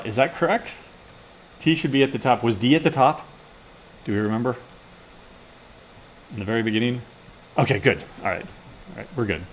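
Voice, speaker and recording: With a lowish voice and a little hiss or hum on the recording, a man teaches a class by talking through live code. He's casual and mutters to himself as he types.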